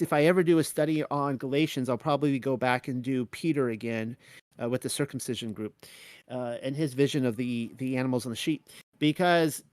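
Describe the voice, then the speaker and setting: A man's voice: medium pitch, no room sound. Rambling man teaching a dry Bible study. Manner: rambling, with many restarts and fillers. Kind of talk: casual spoken Bible study talk.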